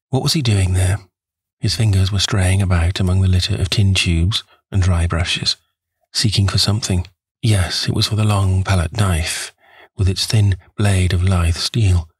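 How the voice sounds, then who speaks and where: A man narrating a classic novel in a measured, expressive reading. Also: sits low, breathy edge, dry recording. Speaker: audiobook narrator. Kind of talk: scripted narration. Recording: dry close studio voice.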